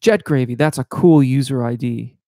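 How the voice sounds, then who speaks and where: Gravelly-voiced male voice teacher. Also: medium pitch, moderate pace, mellow, no echo, clean studio sound. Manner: explanatory, technical, many filler words. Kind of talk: live-stream Q&A, reading chat questions aloud.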